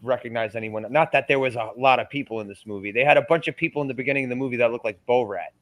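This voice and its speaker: A man's voice: medium pitch, very fast, a bit bright, low-quality recording. A man co-hosting a casual movie podcast, rambling and crude, with frequent laughs. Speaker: podcast co-host.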